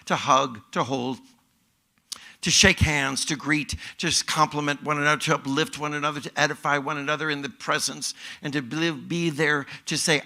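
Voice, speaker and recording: Man preaching with a bright, gravelly voice. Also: a little high. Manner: dramatic, swinging from hushed whispers to loud outbursts; acts out the listener's voice in quoted asides. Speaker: pastor. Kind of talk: sermon.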